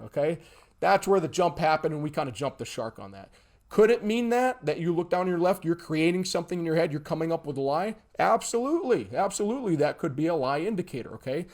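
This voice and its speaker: A man's voice: on the high side, fast talker. A man teaching a livestream lesson in an emphatic way, acting out examples and checking in with his audience after nearly every point. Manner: emphatic, keeps checking in with "okay?" and "all right?"; animated, acts out examples. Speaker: instructor.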